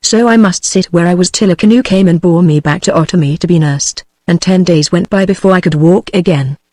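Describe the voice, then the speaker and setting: A text-to-speech woman's voice with a British English accent, reading a novel aloud at a steady, even pace. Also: fairly low pitch, brisk, no room sound. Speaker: audiobook narrator.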